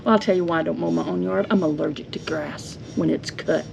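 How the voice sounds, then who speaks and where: Speaking a little fast in a lowish, creaky voice with a steady tone, a homestead vlogger rants at her neighbor. She is indignant and confrontational, leaning on rhetorical questions, at home with the yard being mowed. Faint noise runs under the dull lo-fi audio.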